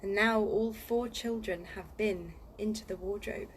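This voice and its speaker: A woman's voice: medium pitch, steady tone, unhurried, low-quality recording. A chatty, playful woman who rambles cheerfully before settling into reading a children's book aloud. She records from a home studio, with faint noise underneath. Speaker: audiobook reader and voiceover artist. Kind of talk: casual chat, then reading aloud.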